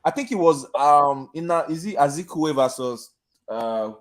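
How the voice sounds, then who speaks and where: A man, co-hosting a casual political discussion, animated and exclaiming. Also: on the high side, normal speed. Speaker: podcast co-host.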